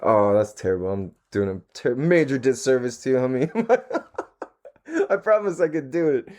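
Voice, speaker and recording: A relaxed man chatting on his own podcast, mid-pitched and easygoing. His talk is loose, slangy and full of swearing, and he breaks into laughter often. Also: moderate pace. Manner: laid-back, slangy and profane, laughs often. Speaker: podcast host. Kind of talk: casual solo podcast chat.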